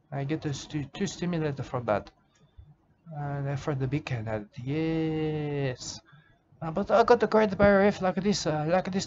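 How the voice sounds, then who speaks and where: A man playing a rambling, drunk bushman who talks in halting broken English, full of "uh" and repeated phrases, in an improvised comedic monologue, on a slightly dull lo-fi recording with faint hiss. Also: fairly high pitch, a little mellow, lightly acted. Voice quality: broken grammar, calls listener "mate". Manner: halting, lots of "uh" and repeated "I can tell you".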